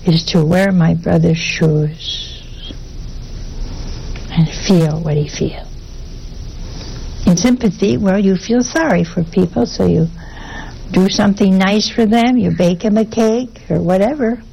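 A woman preaches a sermon at an unhurried pace, her voice carrying a gravelly rasp. She talks in a homey, conversational manner and keeps turning to her listeners with rhetorical questions. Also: mid-range voice, mellow, slight background noise, low-quality recording.

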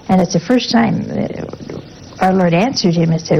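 An older woman gives a sermon in a plain, mid-pitched voice. She talks in a folksy way, checking in with her listeners through quick questions. A faint noise sits under the recording. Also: warm tone, dull audio. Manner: folksy, asks rhetorical questions with a teasing "huh?". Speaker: religious sister giving a talk. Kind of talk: informal sermon.

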